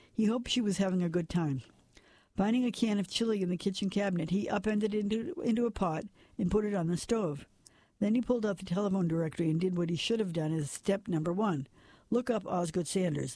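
A man reading a novel aloud as narrator, in a steady, plain manner with an occasional slip and restart. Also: sits high, a little fast, dry recording. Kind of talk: audiobook narration.

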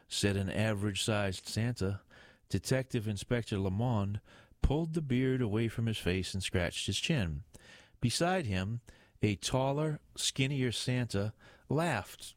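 Male audiobook narrator, lowish pitch, steady read, dry close sound. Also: measured pace, no room sound. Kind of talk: reading a crime novel aloud.

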